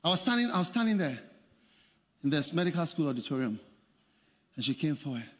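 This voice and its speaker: A man preaching a sermon as pastor, swinging between shouted, sung phrases and quiet storytelling. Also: a little high, a little fast, long reverb tail. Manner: animated preaching, shouting and laughing.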